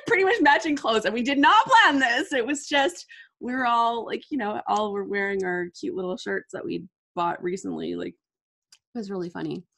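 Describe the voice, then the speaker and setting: A woman's voice: mid-range voice, creaky, fairly bright tone. A woman, hosting a casual live crafting chat and gushing over supplies with lots of "like" fillers. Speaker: scrapbooking livestream host.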